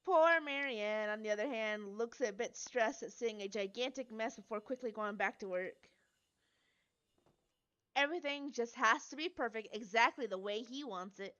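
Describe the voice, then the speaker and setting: Bright-voiced woman streamer reading a game. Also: on the high side, normal speed, smooth, highs cut off. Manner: chatty, giggly asides. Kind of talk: reading a story game aloud.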